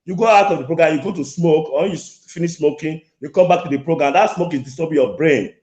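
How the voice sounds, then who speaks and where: A man's voice: fairly high pitch, quick pace, a little mellow. A man calling in, repeating his points insistently and confronting the host. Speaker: caller. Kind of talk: heated call-in argument. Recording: echoey call-in line.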